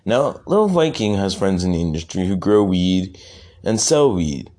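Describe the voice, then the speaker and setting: Young guy making up a crude story as he goes, slow and low, keeps restarting. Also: big pitch swings, darkish tone. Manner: rambling, profane, halting restarts. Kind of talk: improvised comic story narration.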